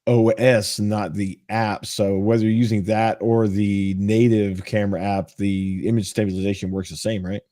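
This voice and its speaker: Low-voiced man, hesitant co-host. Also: flat delivery, normal speed, hardly any pauses, mellow, no echo, studio quality. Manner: hesitant, modest, filler-heavy. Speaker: podcast co-host. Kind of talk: casual podcast chat.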